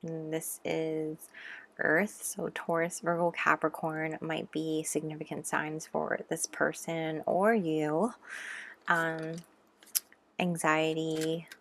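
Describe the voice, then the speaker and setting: A woman giving a pick-a-card tarot reading, gentle and musing, with frequent ums and soft asides. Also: low-pitched, level tone, slow, vocal fry, slight background noise.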